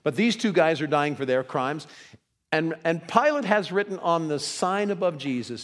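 A man preaching a sermon as pastor, acting out quoted voices with big pitch swings. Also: animated, normal speed, fairly bright tone, long reverb tail.

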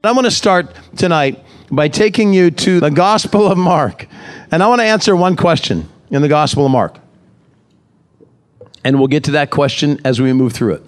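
At a church service, a pastor whose voice is a touch high for a man gives a conversational sermon at normal speed with lively intonation. He explains the text while repeatedly putting questions to the congregation, with faint music in the background.

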